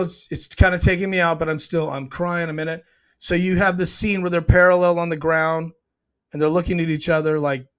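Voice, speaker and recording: A man with a slightly higher-than-usual voice hosts his own show and recaps a TV episode. He rambles and loses his train of thought, clearing his throat often as he talks, and he speaks with plain emotion. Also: fairly bright tone. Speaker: show host.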